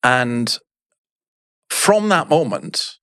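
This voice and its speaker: A middle-aged man speaks at an ordinary mid pitch, telling stories bluntly and with emphasis. He is a minister guesting on a podcast, and his stories are lively and punchy. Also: extremely slow, no echo, clean studio sound. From Scotland. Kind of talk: storytelling in a podcast interview.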